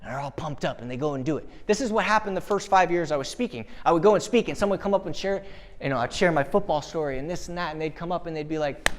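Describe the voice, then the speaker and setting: A man giving a live motivational keynote at an event, talking in a punchy, energetic way and firing rhetorical questions at the crowd. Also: on the high side, quick pace, a little hiss or hum. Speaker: motivational speaker.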